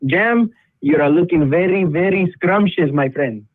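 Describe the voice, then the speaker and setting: Prank call bit: a man doing a high, cheeky, flirting caller on a dry, tinny phone line. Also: unhurried, no echo. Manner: playful, over-the-top flirting. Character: flirty joking male caller, newly arrived cousin.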